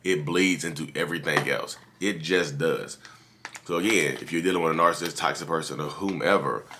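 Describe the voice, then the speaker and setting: Speaking from his office like a host handing out tough love, a man with a very low, deep voice addresses his audience directly in a casual, preachy way. He's brisk, pushed and bright, keeps repeating his points and calling everyone "y'all," and there's a little hiss or hum in the recording.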